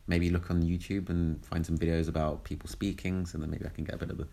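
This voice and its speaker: A man co-hosting a casual chat, talking in a hesitant way with many pauses and fillers. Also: deep voice, level tone, creaky, mellow. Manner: hesitant, lots of ums and restarts.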